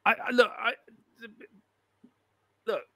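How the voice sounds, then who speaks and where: On a football watchalong stream, this Irish co-host with a Cork accent rambles, teases and laughs, filling his banter with fillers. He speaks slowly, his voice pushed and bright, in a dry recording.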